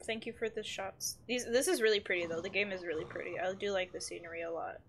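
A woman's voice: mid-range voice, fast, fairly bright tone, slight background noise. A young woman streaming a game, chatting casually, laughing and swearing freely.

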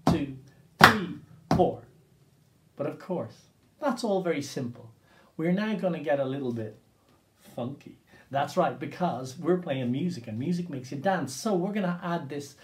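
Upbeat drumming teacher, fairly high voice. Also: male voice. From Ireland. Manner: upbeat, coaxing, counts beats aloud for listeners to copy. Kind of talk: interactive percussion class for children.

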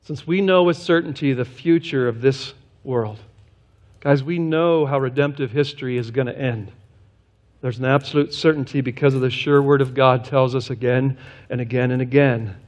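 A male pastor preaching a sermon in an earnest way, often sinking low and quiet for emphasis. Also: steady tone, moderate pace. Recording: slightly dull, lo-fi church recording.

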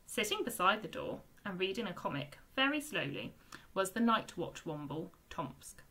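A woman, a primary school teacher, reading a children's book aloud with expressive storytelling. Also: medium pitch, moderate pace.

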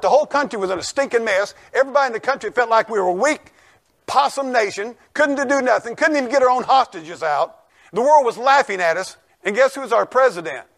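Emphatic folksy pastor, high voice. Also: male voice. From United States. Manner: folksy, emphatic, rising to shouts on scripture. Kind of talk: sermon.

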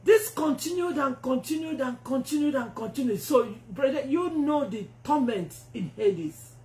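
A woman preacher telling a testimony in a sermon, animated and acting out the voices she quotes. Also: high voice, normal speed. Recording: roomy echo.

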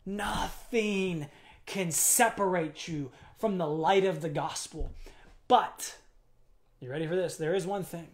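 A man's voice: high voice, slow pace. A man preaching a sermon to a church congregation as pastor, building to emphatic peaks and asking rhetorical questions.

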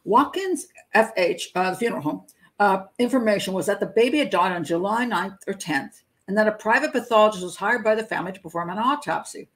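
A woman's voice: mid-range voice, animated, brisk, poor audio. A middle-aged woman hosting a crime profiling show, reading a news story aloud with stumbles and her own asides. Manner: breaks into nervous laughter at grim details. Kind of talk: live patron hangout commentary.

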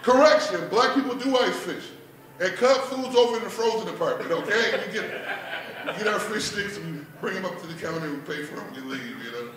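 A man's voice: high voice, lively intonation, fast talker, background noise. A man doing a laid-back stand-up comedy set at an open mic, peppering his lines with "man" and "like". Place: bar performance room. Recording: echoey room, mic heard from a distance.

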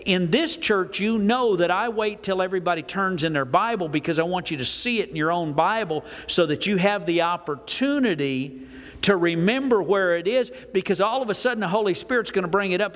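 Older male pastor, folksy sermon delivery, slightly high voice, reverberant church hall. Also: a little fast. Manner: folksy, animated preaching with acted-out asides. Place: church sanctuary.

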